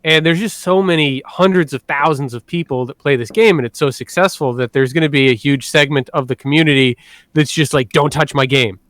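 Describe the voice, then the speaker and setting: A man with a fairly high, smooth, crisp voice chats on a podcast. He tells stories in an animated way and laughs often, and the sound is dry and close. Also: brisk, no echo. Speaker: podcast co-host. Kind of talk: casual podcast chat.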